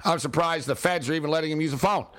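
A man hosting a late-night sports radio show, ranting and joking in an excitable, wisecracking way. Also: on the high side, fast talker, no echo.

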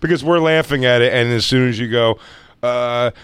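A man's voice: medium pitch, moderate pace, fairly bright tone, smooth, dry recording. A man on a comedy podcast, joking and riffing on a sketch idea. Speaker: podcast co-host. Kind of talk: casual comedy chat.

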